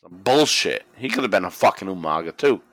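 Profane animated man recapping wrestling. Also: low-pitched, a little fast, no room sound. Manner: animated storytelling, profane, acts out quotes. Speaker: podcast co-host recapping wrestling. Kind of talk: casual chat.

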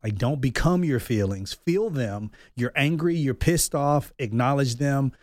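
A man's voice: medium pitch, animated, a little slow, no echo, studio quality. A man in his thirties, a podcast guest, talking openly and reflectively in a candid personal conversation, thinking aloud as he goes.

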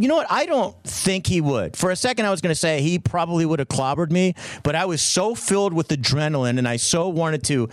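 A middle-aged man co-hosting a radio show, telling a story in an excitable way and acting out quotes in a raised voice. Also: medium pitch, dry recording. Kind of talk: animated storytelling chat.

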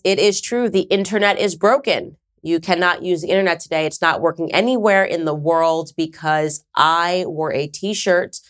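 A woman with a fairly low voice hosts her own show and talks directly to her audience. Her delivery is conversational but emphatic, and she drops in sarcastic asides. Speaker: podcast host. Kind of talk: casual monologue to camera.

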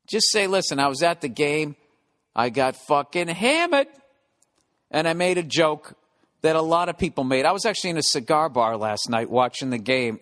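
A man's voice: fairly high pitch, a bit bright. A middle-aged man hosting his podcast from home in a casual monologue, ranting with profane, sarcastic asides. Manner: profane, sarcastic ranting with mocking put-on voices. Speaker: podcast host. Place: home, construction noise below.

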